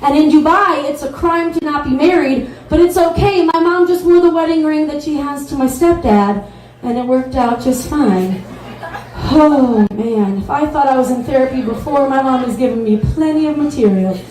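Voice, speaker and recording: A woman's voice: high-pitched, normal speed, hardly any pauses, a little mellow. A woman from the Midwest in her thirties doing a candid, rambling stand-up set at an open mic. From American Midwest. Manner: candid, rambling storytelling with many fillers. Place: bar stage at a live open mic. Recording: echoey live room.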